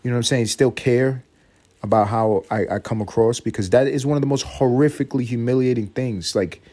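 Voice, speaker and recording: A man's voice: a little fast, dark tone. Rambling profane podcast man. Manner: profane, rambling, breaks into high-pitched mock voices. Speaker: podcast host. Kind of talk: solo comedic podcast monologue.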